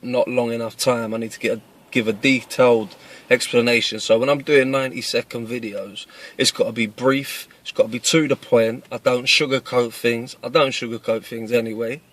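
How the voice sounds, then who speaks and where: A self-defence video maker in his thirties, an East Londoner with a Cockney accent, talks earnestly to camera while sitting in a parked car. His mid-range voice is a bit bright, fairly even in intonation and normal in speed. The casual delivery is plain-spoken, and he often restarts his phrases.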